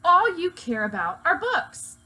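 Woman reading aloud, doing a desperate young man: high, strained, shouting. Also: big pitch swings, measured pace, exaggerated voice. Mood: bitter.

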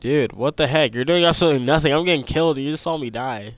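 A young man, commenting on his own gameplay casually, excitable, repeating himself and yelping when attacked. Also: on the high side, fast, no room sound. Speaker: gameplay streamer.

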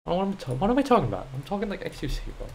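A man's voice: high voice, very animated, very fast, gravelly, a little hiss or hum. A young man streaming as he builds a game level, muttering, swearing and laughing at his own work.

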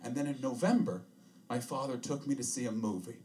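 A man doing a stand-up comedy set for a live album, telling dark stories in a deadpan way with sudden loud asides. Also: mid-range voice, fairly quick, recorded from a distance. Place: hot, narrow comedy room. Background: audience laughter.

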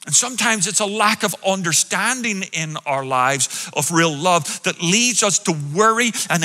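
A man from Europe, a pastor preaching a sermon in a big church, animated and quizzing his congregation with questions. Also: high-pitched, big-room sound. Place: large church hall with an audience.

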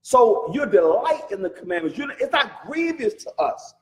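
A man's voice: high voice, very animated, normal speed, reverberant, low-quality recording. A man leading a Bible study, speaking emphatically and firing off rhetorical questions. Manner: calls the reader brother. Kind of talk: animated religious teaching.

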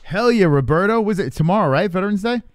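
A man's voice: high-pitched, expressive, quick pace, slight background noise. A man hosting a casual live fight reaction stream, reading viewer comments aloud and bantering. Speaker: livestream host.

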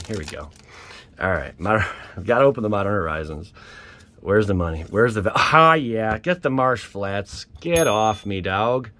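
A man hosting his own channel, giving casual, excitable commentary while opening card packs and exclaiming at each pull. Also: lowish voice. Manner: peppers speech with mild swears.

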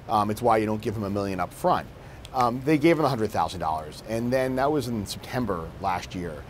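A man's voice: medium pitch, expressive, fairly quick, slight background noise. Man correspondent explaining a news story. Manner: explanatory, with frequent fillers and restarts. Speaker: national security correspondent. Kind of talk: news interview guest.

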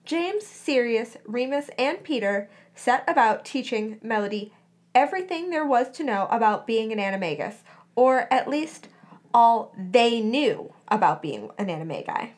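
A woman's voice: a little high, lively intonation, measured pace. A woman hosting a podcast, reading a story aloud expressively and chatting casually between passages. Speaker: podcast host reading fan fiction aloud.

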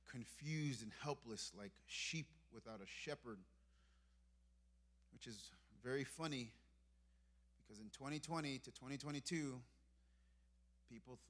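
A man from Brooklyn, New York, in his thirties, preaching a sermon in a church and swinging between hushed, intimate moments and emphatic ones. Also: medium pitch. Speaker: pastor. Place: church sanctuary.

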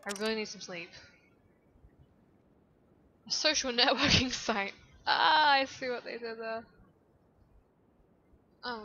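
A woman's voice: a little high, bright, forceful tone, dull audio, slight background noise. A woman giving casual, profane let's-play commentary as she plays. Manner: profane, chatty, rambling. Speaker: gaming video host. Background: game music.

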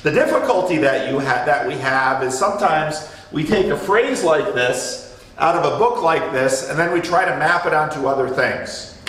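A man with a fairly high voice leads a conversational Bible study, explaining and telling stories while he repeats the starts of his phrases. He sounds distant from the mic in an echoey church room. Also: animated, moderate pace, a bit bright, slight background noise. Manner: explanatory, storytelling, restarts phrases.

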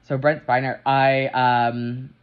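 A woman talking through her review of a TV episode in a casual, animated way, swearing freely and full of fillers and restarts. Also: rumbling low, slow pace, smooth. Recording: dull lo-fi sound.

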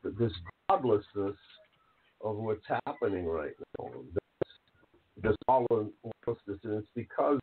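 A man's voice: lowish voice, slight background noise. A man hosting a podcast, talking earnestly and rambling with lots of fillers. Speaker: podcast host. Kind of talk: casual chat. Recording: phone-like narrow sound.

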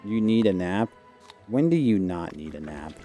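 A man chatting casually and slangily while playing a video game, thinking out loud. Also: deep voice, very animated, moderate pace. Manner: chatty, slangy, says dude and like a lot. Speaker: gamer playing on stream. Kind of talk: casual gameplay commentary. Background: faint game music.

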